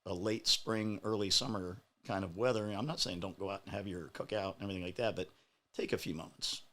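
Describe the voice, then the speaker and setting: A man on a casual talk show, speaking in a measured, reflective way with many fillers. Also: low-pitched, sharp tone.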